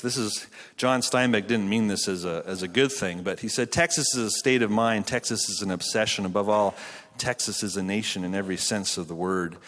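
A man's voice: fairly low pitch, fairly bright tone. Guy in his 30s from canada preaching, chatty and self-deprecating, lots of restarts, big echoey hall. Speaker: pastor. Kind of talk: sermon. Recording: hall reverb from a live venue.

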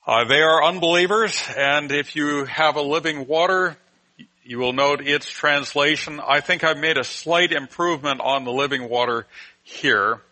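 A man teaching a Bible class, explaining a passage slowly and deliberately with frequent pauses. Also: on the high side, pushed and bright, rough recording.

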